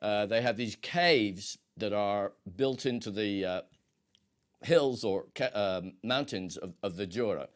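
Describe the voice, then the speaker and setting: Guy running a quiz, lots of uhs and ums, slow and easygoing. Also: on the low side. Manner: rambling, with many hesitations and fillers. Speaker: quiz host. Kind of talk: casual quiz hosting with food tasting.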